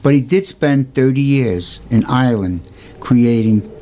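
A man's voice: a little slow, dark tone, a little hiss or hum. Earnest man telling a saint's story. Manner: earnest, emphatic, rhetorical questions, raises pitch for quoted voices. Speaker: storyteller presenting a saint's life. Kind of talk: informal religious storytelling.

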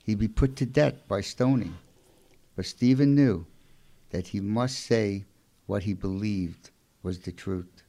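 A man with a Brooklyn accent, co-hosting a casual faith talk, halting with many fillers and affectionate. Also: fairly low pitch, mellow. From Brooklyn, New York. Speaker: co-host.

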